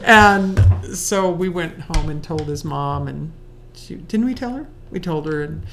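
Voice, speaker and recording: A woman's voice: low voice, expressive, a little slow, creaky, fairly bright tone, soft background music. A woman telling a personal story in a chatty, self-mocking way, often laughing and acting out what people said. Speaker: storyteller recalling her courtship.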